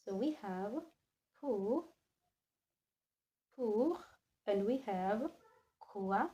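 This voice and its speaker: A woman teaching French in a classroom, slowly repeating each word again and again and switching between English and French. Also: mid-range voice, expressive, dark tone, highs cut off. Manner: slow, repeats words many times, mixes English and French. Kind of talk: classroom lesson.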